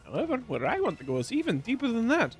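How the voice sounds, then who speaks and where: A man's voice: very high voice, wildly swooping pitch, fast, soft background music, pitched above the performer's own voice, full character voice. A man voicing an eager, scholarly middle-aged woman professor who explains things earnestly. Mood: explaining.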